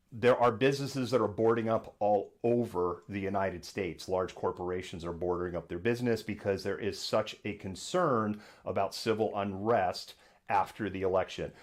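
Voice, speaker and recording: A man hosts a live political commentary stream from his home studio, with a somewhat low voice. His delivery is sarcastic and animated, and he keeps breaking into mocking impressions of people he disagrees with. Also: normal speed. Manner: sarcastic, acts out imagined voices. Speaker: host of a live political news show.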